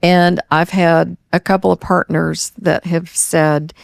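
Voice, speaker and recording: An older woman, a guest in a candid therapy conversation, speaking in an earnest, halting way and repeating her words. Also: on the low side, little pitch movement, creaky, no echo, studio quality. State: tearing up.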